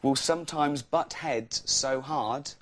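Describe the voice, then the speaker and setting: A man's voice: mid-range voice, slow pace. Giggly man doing rambling stand-up. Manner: giggly, laughs mid-sentence. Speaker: stand-up comedian. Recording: loud hiss under the voice.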